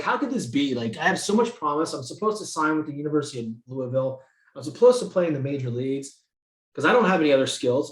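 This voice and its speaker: A man from the San Francisco Bay Area, a guest in an interview, telling his story in an animated, profane way and acting out what people said. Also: mid-range voice. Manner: animated, profane, acts out quotes. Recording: roomy echo.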